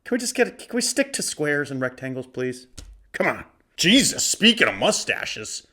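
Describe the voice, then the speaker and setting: A man in his forties from Arizona hosts a casual comedy podcast. He opens a box of cards and riffs on each one, swearing freely and cracking jokes. His pitch sits in the middle but swings widely up and down as he talks. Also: very animated, normal speed, pushed and bright. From Arizona, USA. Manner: profane, joking, riffing. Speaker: podcast host. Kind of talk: casual comedic card-opening commentary.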